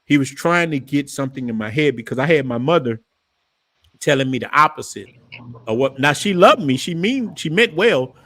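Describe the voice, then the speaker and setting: A man tells stories in a relaxed chat. His voice is clear and dry, with no room sound. He gets animated and jumps up in pitch when he quotes someone. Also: moderate pace, dry recording. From New Orleans, Louisiana. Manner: animated storytelling, voice rising when quoting his father. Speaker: channel host. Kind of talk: casual storytelling chat.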